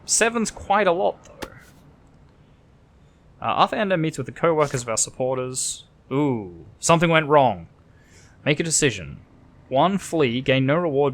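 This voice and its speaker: A man's voice: medium pitch, a bit bright. An Australian man hosting a let's play, chatting casually and thinking aloud while reading the game's text.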